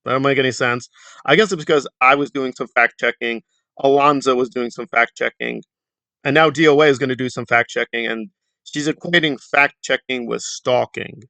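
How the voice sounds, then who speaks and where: A man's voice: medium pitch, normal speed, creaky, pushed and bright, dry recording. A man hosting a commentary channel, talking in a sarcastic, mocking and indignant way about online drama.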